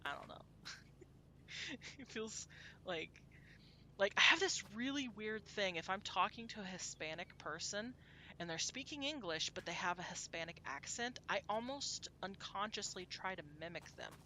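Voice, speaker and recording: A woman's voice: mid-range voice, animated, normal speed, pushed and bright, slight background noise. A woman from Texas, chatting casually to her viewers while she plays a game, rambling and laughing often. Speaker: game streamer.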